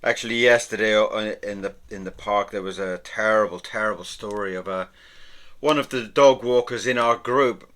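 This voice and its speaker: A man chats away as he sketches, his speech wandering and often dropping to a near-murmur. His voice sits a little low but has a bright, forward edge. The tone is relaxed and unscripted. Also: moderate pace. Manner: chatty and meandering, often trailing off into a soft murmur. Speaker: artist and vlogger. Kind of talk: casual narration while drawing.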